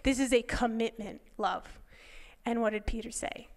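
A woman telling her testimony at a church service, animated, acting out conversations and sometimes dropping to a hush. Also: a little high, normal speed. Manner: animated, acts out dialogue, drops to a hush at times. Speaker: church member giving testimony. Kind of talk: testimony told as a story.

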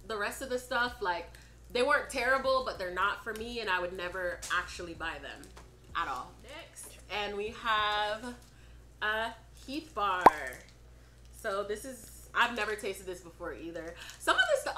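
A young American woman chatting casually while taste-testing snacks, asking quick questions. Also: mid-range voice, pushed and bright, echoey room, poor audio. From United States. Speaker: co-host.

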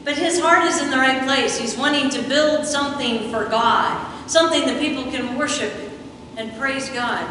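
A woman's voice: high-pitched, normal speed, sharp tone, a little hiss or hum. A woman preaching a sermon, retelling scripture and acting out the quoted lines as she goes. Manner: storytelling, acts out quoted lines. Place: church sanctuary. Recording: echoey hall from far off.

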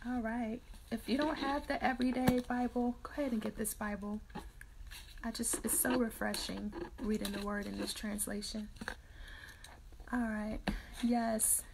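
A middle-aged woman hosts an early-morning Bible livestream, chatting with viewers as they type comments. Her slightly high voice has a gravelly fry, and she laughs easily. A faint hiss sits under the recording. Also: fairly even intonation, unhurried. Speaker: host of a daily Bible reading livestream. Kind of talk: casual chat with live viewers.

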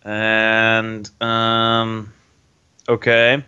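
Bright-voiced male player, lo-fi mic. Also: medium pitch, a little slow. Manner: thinks aloud, restarts and hesitates. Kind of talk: tabletop game chat.

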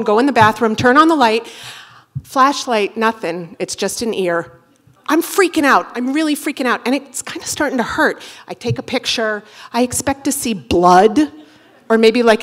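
A woman tells a comic personal story on stage, and her voice sits high. She talks in an animated, profane way and keeps tossing in quick asides to the room. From Boston area. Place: theater stage before a live audience.

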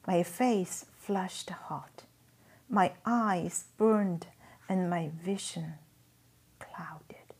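Woman, memoir read-aloud, hushed near-whisper, very slow, breathy. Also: fairly low pitch. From China. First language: Chinese. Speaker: author reading her memoir.

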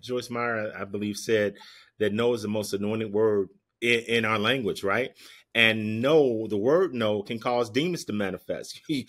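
A man, a guest minister, giving emphatic preaching-style answers in an interview, repeating his key points in a teaching cadence. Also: medium pitch.

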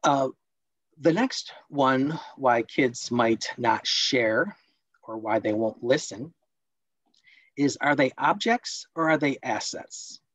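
A man presenting a parenting workshop online, explaining points and acting out scolding parents in quick role-plays. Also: medium pitch, animated, fairly bright tone, dry recording, rough recording.

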